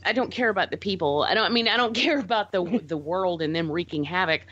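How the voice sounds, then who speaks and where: A woman's voice: lowish voice, fast, a bit bright, slightly rough, muffled recording. A woman co-hosting a casual podcast, gushing and emotional as she reviews a movie, laughing easily. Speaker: podcast co-host.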